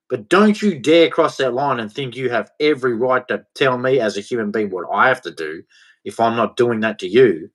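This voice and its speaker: A man's voice: medium pitch, sing-song, brisk, fairly bright tone. Heated man ranting. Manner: heated, preachy, repeats himself for emphasis. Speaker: vlogger. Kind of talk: ranting monologue to camera.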